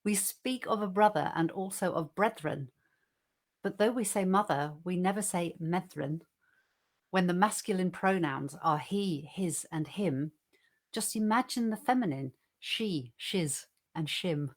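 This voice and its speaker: Woman reading a poem, low voice. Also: a little slow. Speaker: co-host reading poems. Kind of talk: poetry reading and casual chat.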